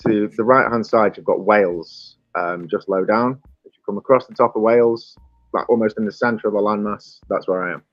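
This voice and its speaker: A man's voice: on the low side, no echo, muffled recording. A man with a Staffordshire accent chatting casually as host, rambling and fond of accents. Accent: Staffordshire English. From England. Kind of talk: casual chat.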